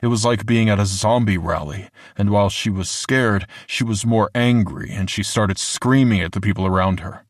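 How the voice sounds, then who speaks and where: Deep-voiced male audiobook narrator. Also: normal speed, hardly any pauses, no echo, studio quality. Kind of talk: scripted horror narration.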